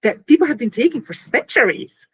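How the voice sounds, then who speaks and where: A woman talks through her invention in a loose, conversational interview. Her voice is a bit husky and swings widely in pitch as she piles on fillers and acts out quick scenes to make her point. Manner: animated, full of fillers, acts out little scenes. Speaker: inventor explaining her product. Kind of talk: casual explanatory interview talk.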